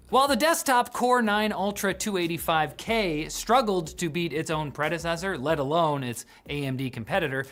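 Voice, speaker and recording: A man's voice: high voice, fairly bright tone. A man hosting a scripted tech news show, delivering the news with sarcastic jokes.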